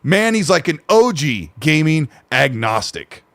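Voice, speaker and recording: Easygoing male podcast host, slightly nasal, higher pitch, dry booth sound, reads out viewer messages. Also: big pitch swings, measured pace, a bit bright, no room sound. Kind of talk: casual live-stream chat, reading donations.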